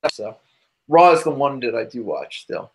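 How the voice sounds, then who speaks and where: A man's voice: mid-range voice, big pitch swings, moderate pace. A man co-hosting a podcast who drifts into asides as he talks. His delivery is loose, casual and rambling. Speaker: podcast co-host. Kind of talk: casual chat.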